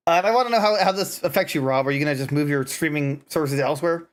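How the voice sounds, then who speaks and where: Rambling, excitable higher-pitched man. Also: fast. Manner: rambling, restarts often, swears when heated. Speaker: podcast co-host. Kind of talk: casual chat.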